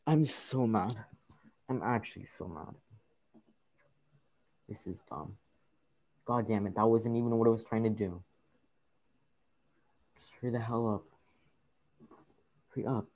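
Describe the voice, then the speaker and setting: Frustrated low-voiced gamer grumbling. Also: male voice, unhurried, vocal fry, pauses often, a little mellow. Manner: frustrated, grumbling, swearing at the game. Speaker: gaming YouTuber. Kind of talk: casual gameplay commentary.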